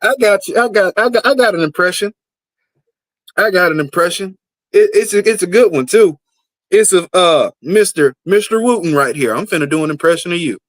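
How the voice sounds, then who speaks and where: A laid-back man chats in slangy banter on a radio podcast. His voice is pitched very high and sits dry and close to the mic. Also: animated, a little fast, no echo. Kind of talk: casual banter.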